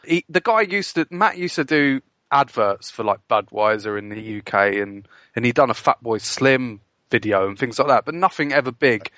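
A man on a podcast panel telling news in a halting, self-deprecating way, from the United Kingdom. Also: mid-range voice, expressive, bright, forceful tone, dry recording, studio quality. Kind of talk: casual podcast chat.

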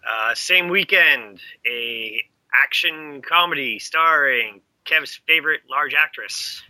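A man's voice: a little high, slow, sharp tone, rough recording. A man co-hosting a casual chat, announcing movie releases and opening bids, with playful swearing. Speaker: co-host. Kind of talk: casual podcast banter.

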